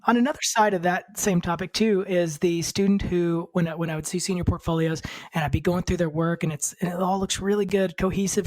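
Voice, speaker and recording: A man's voice: high-pitched, no room sound. A man, an art instructor, telling easygoing stories and joking in a casual podcast discussion.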